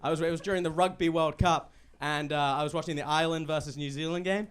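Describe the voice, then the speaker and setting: A man's voice: a little high, steady tone, fast talker, clear, resonant tone. A man doing understated stand-up on a club stage. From England. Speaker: stand-up comedian. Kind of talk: stand-up set.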